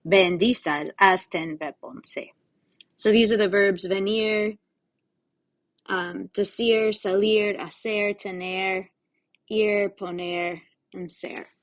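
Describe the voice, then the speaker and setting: A woman Spanish teacher giving a recorded lesson, explaining step by step to her students in a patient, casual way with friendly asides. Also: medium pitch.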